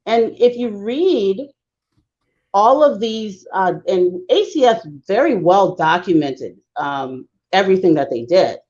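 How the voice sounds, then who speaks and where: A woman speaking as a guest on a talk show, explaining history in an emphatic, lecturing way with fast bursts. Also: medium pitch, lively intonation, darkish tone, dull audio.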